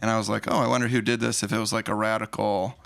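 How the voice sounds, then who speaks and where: A young man with a gravelly, fry-edged voice that still sounds bright and forceful. He chats loosely on a podcast, running through a film's plot and slipping into quick mock quotes. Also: lowish voice, little pitch movement. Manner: recaps the movie plot with jokey quoted asides. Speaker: podcast co-host. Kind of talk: casual podcast chat.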